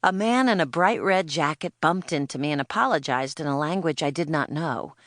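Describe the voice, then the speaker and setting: A woman's voice: low voice, animated, brisk, fairly bright tone, dry recording. A woman narrating a children's audiobook in first person, telling it in the plain-spoken voice of a spirited young girl.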